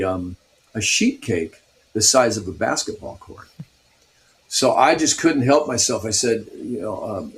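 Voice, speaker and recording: A man in his sixties from Pasadena, California, a guest guitarist animatedly telling stories in a radio interview and laughing often. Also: medium pitch.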